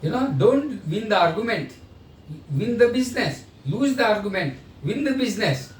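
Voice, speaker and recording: In an echoey room, with faint noise and the voice coming from a distance, a man teaches sales by explaining and role-playing dialogues. His voice sits high and sing-song, at a moderate pace.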